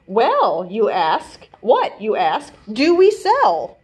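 Woman librarian, bedtime storytime host; bright higher voice, very expressive melody, unhurried sing-song reading. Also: slightly rough. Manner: animated, sing-song rhyming delivery. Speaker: children's librarian. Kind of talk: bedtime storytime read-aloud.

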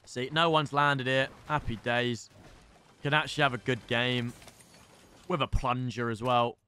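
A young man commentating his own live game stream, excitable and swearing, often shouting at other players. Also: mid-range voice, a little slow, clean tone.

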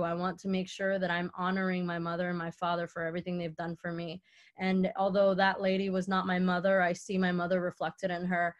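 A young woman from Mexico, an artist, telling a heartfelt personal story in a lecture Q&A over a video call. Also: medium pitch. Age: young adult. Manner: earnest, heartfelt, acts out quoted dialogue.

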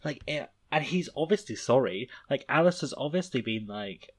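A man's voice: medium pitch, lively intonation, moderate pace, hardly any pauses, breathy edge. A man with a mid-range voice co-hosts a podcast and chats casually about books. He sounds enthusiastic and fan-like, with his speech full of fillers. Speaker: podcast co-host. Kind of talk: casual book-discussion chat.

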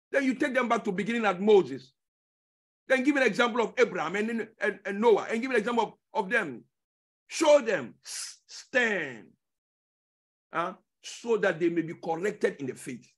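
High-voiced preacher with dramatic swings. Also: male voice, slightly rough. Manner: emphatic, repeats key words, swings from loud bursts to low asides; asks rhetorical questions and checks in with the listeners. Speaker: pastor. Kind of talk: teaching sermon.

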